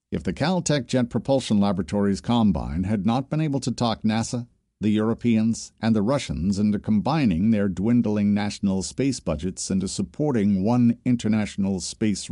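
Male audiobook narrator, low mellow voice, steady reading. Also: no room sound, clean studio sound. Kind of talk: scripted narration.

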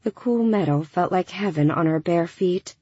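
A woman narrating a science fiction audiobook in a measured, even storytelling manner. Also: fairly low pitch, slightly rough, dry recording. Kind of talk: scripted narration. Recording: dull dry studio recording.

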